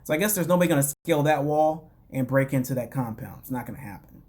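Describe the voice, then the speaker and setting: A man's voice: medium pitch, lively intonation, quick pace, a little mellow. A man casually recapping a reality show as a podcast host, rambling with lots of fillers and wry, dismissive asides. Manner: rambling, loose, full of "you know" and "like".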